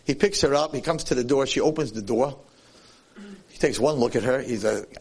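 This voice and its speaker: A man giving a sermon as a Jewish lecturer, telling a story with animated, swinging delivery. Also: mid-range voice, normal speed, slightly rough.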